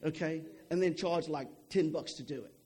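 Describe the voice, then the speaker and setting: A man's voice: a little high, moderate pace, mellow, husky. A young adult man preaching a sermon in a conversational way, often checking in with "okay?" and repeating words as he goes.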